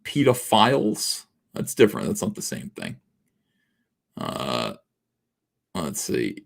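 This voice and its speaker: A sarcastic man in his forties chats loosely on a livestream from his basement office, his fairly low voice swinging up and down as he jokes and rambles. He is full of filler words and reacts to viewer messages in an offhand, mocking way. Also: wildly swooping pitch, slow pace, creaky, pauses often. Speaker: livestream host. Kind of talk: casual livestream chat reading super chats.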